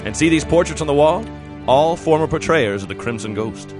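A man's voice: a little high, lively intonation, a little fast, music in the background, lightly acted. A man playing a tired middle-aged masked-hero father in a comedy sketch, coaxing and matter-of-fact.

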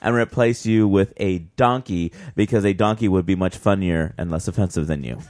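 A man's voice: deep voice, brisk, darkish tone, dry recording. A man co-hosting a podcast, dropping dry asides with laughs in casual banter. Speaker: podcast co-host.

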